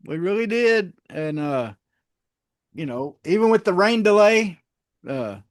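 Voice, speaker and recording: A man's voice: sits high, big pitch swings, a little slow, no room sound, studio quality. A man co-hosting a casual sports podcast, easygoing, laughing often and hedging his points with "uh". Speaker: podcast co-host.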